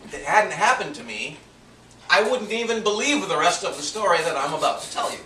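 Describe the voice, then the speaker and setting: Man preaching a personal testimony, confessional, somewhat high voice, recorded from a distance with faint noise. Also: animated, a little fast, sharp tone, reverberant. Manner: earnest, confessional, drops to near-whisper for inner thoughts. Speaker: minister telling a personal story. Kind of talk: sermon testimony storytelling.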